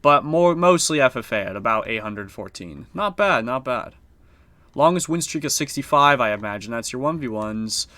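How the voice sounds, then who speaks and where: A relaxed male streamer talks through his game in a chatty, easygoing way, with the odd curse word. His voice sits at a middling pitch. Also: moderate pace, dry recording. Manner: laid-back and chatty, swears casually. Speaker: streamer playing a strategy board game. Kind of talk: casual live-stream commentary.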